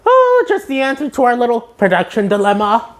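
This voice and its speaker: A woman doing SpongeBob, a squeaky cheerful sponge. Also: fairly quick, a little hiss or hum. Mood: chipper. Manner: excitable, high-pitched squeal. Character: cheerful young male sea sponge, cartoon.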